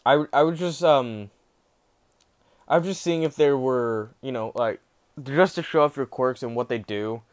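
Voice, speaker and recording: Slow, rambling young man telling a story. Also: medium pitch, clean tone. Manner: rambling, many fillers and restarts, acts out quotes. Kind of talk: casual spoken fan-fiction retelling.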